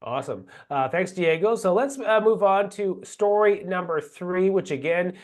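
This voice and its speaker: A man hosting a live astronomy Q and A, reading viewer questions and introducing topics in a relaxed way. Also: high-pitched, normal speed. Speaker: host.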